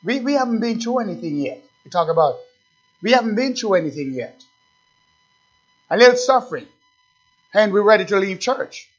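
A male pastor with a high voice preaches a sermon, pressing his listeners with rhetorical questions and climbing in fervor. The recording sounds dull and lo-fi. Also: big pitch swings, normal speed, long pauses, husky.

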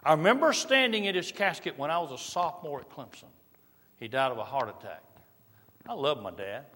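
A man's voice: on the high side, lively intonation. Man preaching in a reverberant hall. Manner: varies loudness widely, drops to soft slow emphasis. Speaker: pastor. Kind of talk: sermon. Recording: long reverb of a large hall.

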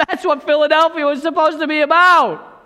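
In a long, reverberant hall, a pastor delivers his sermon in an extremely high, bright and forceful voice, keeping a steady tone and moderate pace. He shares a personal story conversationally, frequently checking in with the congregation.

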